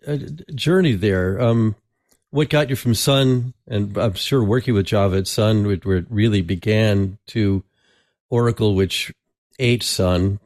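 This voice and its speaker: A man hosting a podcast interview, talking casually with many restarts and throat clearing. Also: medium pitch, darkish tone, dry recording, clean studio sound. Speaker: podcast host.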